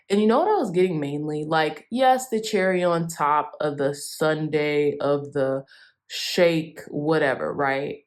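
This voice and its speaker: A woman's voice: low-pitched, a little slow. Effusive woman giving a tarot reading. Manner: warm, effusive, chatty. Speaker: tarot reader. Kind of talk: casual tarot reading to viewers.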